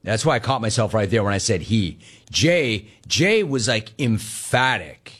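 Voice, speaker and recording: A man hosting a sports talk show, reading listener messages and telling stories in a jokey, animated, digressive way. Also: lowish voice, measured pace, breathy edge.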